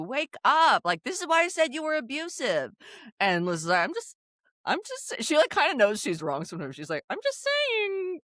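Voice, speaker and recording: A woman co-hosts a casual podcast and recaps a show in an animated way, acting out the quotes as she goes. Her pitch swings widely. The recording is close and dry. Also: no room sound. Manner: animated storytelling, acting out quotes, frequent laughs. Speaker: podcast co-host.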